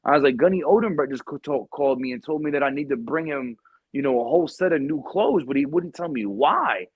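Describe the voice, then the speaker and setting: A man telling a story in casual podcast chat, acting out shouted lines from the people in it. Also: fairly high pitch, quick pace, slightly rough, no room sound, narrow, tinny audio. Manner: animated storyteller, acts out shouted quotes. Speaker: podcast guest, Marine veteran.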